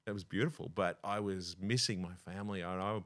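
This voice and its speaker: A man in his forties chatting as a guest, telling animated stories and acting out little voices. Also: low-pitched, brisk. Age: 40s. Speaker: guest comedian. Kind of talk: casual chat.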